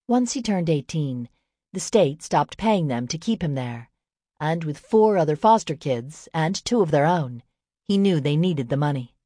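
A woman's low-sitting voice carries a scripted audiobook narration of a novel, paced in a steady, measured storytelling way. The studio recording is clean and dry.

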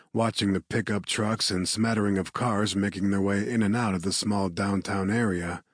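Male audiobook narrator, low and raspy-edged, steady measured read, dry booth sound. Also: dry recording.

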